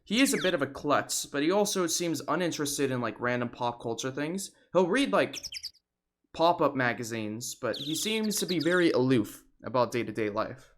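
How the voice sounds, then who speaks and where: A woman's voice: a bass voice, animated, normal speed, noisy background. A woman streamer casually commenting and reading game text aloud during a live playthrough. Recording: game music playing underneath.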